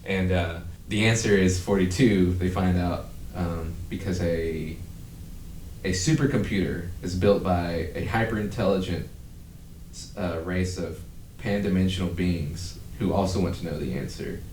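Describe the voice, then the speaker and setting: A podcast host with a low voice who chats in a loose, rambling way and swears freely. The recording sounds echoey, as if made in a bare room, with faint background noise. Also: male voice, a little slow, darkish tone, distant mic. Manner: rambling, profane, breaks into laughter. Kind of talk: casual chat.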